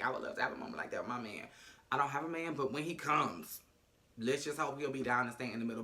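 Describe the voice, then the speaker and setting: A man's voice: a little high, pushed and bright. A man recapping a TV episode in a casual, sassy, profane and dramatic way. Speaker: show recapper.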